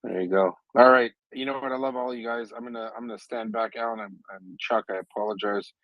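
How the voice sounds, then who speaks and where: Man, casual panel talker, animated and jokey, plenty of restarts, mid pitch, dry close sound. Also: quick pace, no room sound, muffled recording. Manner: animated, joking, rambling with restarts. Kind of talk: casual chat.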